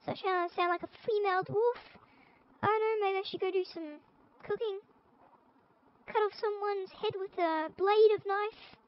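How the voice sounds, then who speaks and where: A tiny female fantasy creature with a squeaky, extremely high voice. She chats casually and sounds unsure. The sound is a dull, lo-fi headset mic. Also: steady tone, moderate pace. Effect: voice-changer filter.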